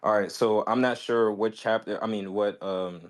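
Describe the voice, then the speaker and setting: Lowish voiced guy in a debate, stumbles over words, keeps saying hold on. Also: fairly even intonation, moderate pace. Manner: hesitant, restarts, pleads to be heard. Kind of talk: heated debate.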